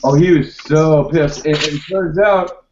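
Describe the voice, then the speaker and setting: A man's voice: on the high side, steady tone, a little slow, a little mellow. A man chatting casually and boastfully, stammering and swearing often. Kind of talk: casual chat. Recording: distant roomy lo-fi recording with faint noise.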